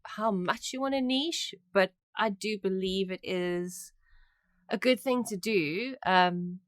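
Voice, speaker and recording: A woman at a mid pitch talks earnestly on a podcast, laughing easily along with the others. Her voice is recorded close and dry. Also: slow pace, no echo. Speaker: podcast co-host. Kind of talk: casual chat.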